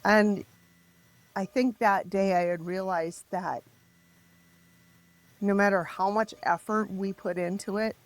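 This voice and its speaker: A middle-aged woman telling her story as a podcast guest, raw and emotional, halting and restarting as she speaks. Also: mid-range voice, fairly even intonation. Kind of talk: candid personal storytelling.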